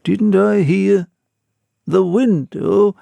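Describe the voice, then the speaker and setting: A man reading as a curious, excitable villager. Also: high voice, extremely slow, gravelly, dry recording, voice pushed up, exaggerated voice. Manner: hushed, excitable asides. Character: nervous curious male village clockmender.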